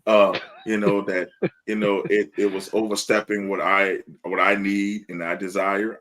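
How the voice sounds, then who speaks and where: A man with a fairly low voice chats on a live sports podcast. He is blunt and profane, and he keeps breaking into laughter mid-thought. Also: level tone, a little slow, fairly bright tone. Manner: blunt and profane, laughs often between lines. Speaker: podcast co-host. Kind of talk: casual sports podcast chat. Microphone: live stream podcast mic.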